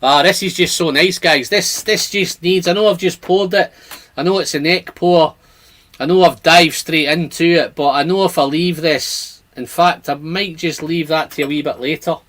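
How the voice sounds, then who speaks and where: A man's voice: on the high side, moderate pace, fairly bright tone. A man hosting a casual whisky livestream, chatting and reading out viewer comments. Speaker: whisky channel host.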